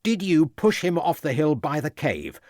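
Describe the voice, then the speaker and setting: A man plays a sharp, severe inspector interrogating a suspect for an audiobook, pushing firmly and issuing threats with calm authority. His pitch climbs and dips for emphasis at a normal speed, recorded up close and dry with no room sound.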